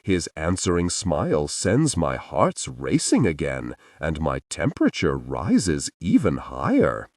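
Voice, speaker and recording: Deep, slow male audiobook narrator. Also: huge pitch swings, no room sound, clean studio sound. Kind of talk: first-person romance narration.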